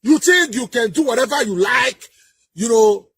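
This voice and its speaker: A man with a Nigerian accent delivering a heated political rant, emphatic and repetitive, with sing-song rises and shouted bursts. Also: extremely high pitch, normal speed, creaky, husky. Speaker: political commentator.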